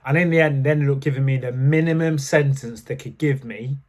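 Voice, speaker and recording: Speaking to camera, a vlogger casually shares candid stories from his own life, filling his chat with fillers. He has a medium-pitched, slightly mellow voice and talks fairly quickly.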